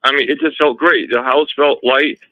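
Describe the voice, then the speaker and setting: A man of ordinary pitch tells a story as an interview guest, in a lively way with many restarts and retold lines of dialogue. The sound is dry and a little dull, like lo-fi audio. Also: moderate pace, no room sound. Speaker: guest recounting a haunting in his home.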